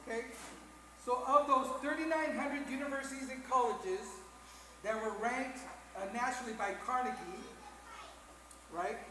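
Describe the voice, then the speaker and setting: A woman's voice: a little high, normal speed, long pauses. A woman presenting at a reception, upbeat and playful, joking through the technical glitches. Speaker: event presenter. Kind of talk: lively speech at a reception. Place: large reception hall. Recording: echoey hall with faint background noise.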